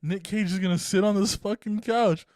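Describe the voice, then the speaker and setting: High-voiced laughing podcast guy. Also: steady tone, moderate pace, a little mellow. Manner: profane, laughing, storytelling. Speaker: podcast co-host. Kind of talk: casual podcast banter. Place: podcast room with a couch.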